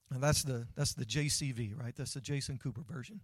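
A man's voice: mid-range voice, a little fast, few pauses, breathy edge, no room sound, studio quality. A man preaching a sermon in a conversational way, asking his listeners questions. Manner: conversational, asks the audience questions. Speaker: pastor.

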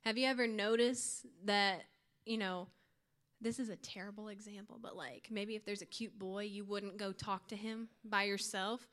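A woman's voice: mid-range voice, fairly even intonation, moderate pace, fairly bright tone. A young woman giving an earnest, informal youth sermon to her church group, with light laughs. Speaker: youth speaker.

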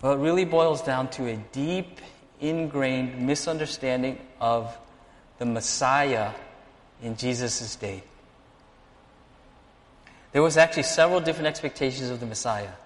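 A man preaching a sermon, animated, acting out the lines of the people in his story. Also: medium pitch, measured pace, pauses often, big-room sound. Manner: animated preaching, acts out dialogue. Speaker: pastor.

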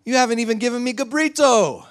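A man's voice: very high-pitched, quick pace, pitched above the performer's own voice. A man voicing an angry older son who is complaining to his father in a heated, raised voice. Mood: indignant. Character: resentful older son, furious and indignant.

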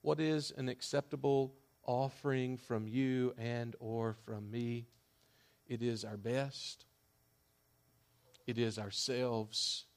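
Guy pastor preaching, swings loud then hushed, emphatic, ordinary middle pitch. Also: flat delivery, takes it slowly, creaky. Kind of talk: sermon.

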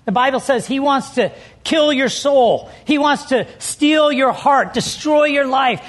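Guy pastor preaching, really high voice, animated, punches his key words. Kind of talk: sermon.

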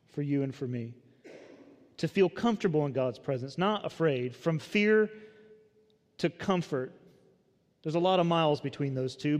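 A man preaching a sermon with a conversational, joking manner, shifting between loud emphasis and quiet reflection. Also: on the high side, long reverb tail. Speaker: pastor.

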